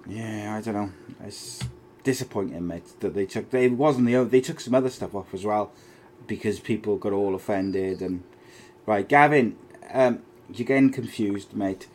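A man's voice: on the low side, moderate pace, a little mellow, slight background noise. A man co-hosting a podcast who reads out viewer comments and gives blunt, mocking opinions in casual banter. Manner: blunt, mocking, swears freely. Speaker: podcast co-host reading live chat.

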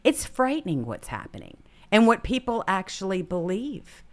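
A woman's voice: mid-range voice, wildly swooping pitch, normal speed. A woman hosting a talk show, agreeing emphatically with her co-host. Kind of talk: casual talk-show banter.

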